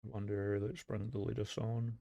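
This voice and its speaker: A man's voice: lowish voice, little pitch movement, moderate pace, gravelly, dark tone, dry recording, muffled recording. A young man hosting a casual livestream, rambling with lots of fillers and laughing between thoughts. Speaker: livestream host.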